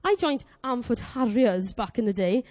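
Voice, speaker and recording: A woman in her twenties preaching a lively sermon, animated and exclamatory, acting out quoted prayers. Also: a little high, moderate pace. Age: 20s.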